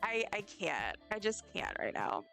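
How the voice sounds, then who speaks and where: A woman's voice: mid-range voice, very animated, a little slow, creaky, pushed and bright. A young woman streaming a game, chatting casually and rambling effusively, often stumbling over her words. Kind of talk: casual live-stream chat. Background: faint game music.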